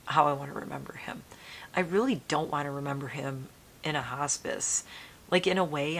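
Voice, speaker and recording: A woman's voice: low-pitched, creaky, a little hiss or hum. A middle-aged woman vlogging in a casual, emotional, rambling way, sometimes dropping to a near whisper. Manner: rambling, emotional, soft-spoken with laughs. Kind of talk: casual chat to camera.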